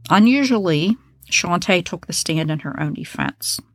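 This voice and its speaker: A woman's voice: lowish voice, expressive, unhurried, no echo. A woman hosting a true crime podcast, telling a case in a casual, blunt, opinionated way with profane asides.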